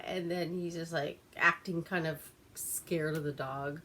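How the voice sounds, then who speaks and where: Woman, from Alaska, casual movie recap, giggly, profane, slow, bright tone. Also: sits low, animated, slight background noise. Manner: giggly, profane, rambling with many fillers. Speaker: movie reviewer host. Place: at home.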